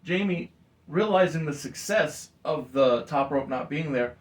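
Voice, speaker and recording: Animated male wrestling game narrator. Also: fairly high pitch, unhurried. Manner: animated storytelling, acts out wrestlers' lines. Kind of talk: casual play-by-play chat.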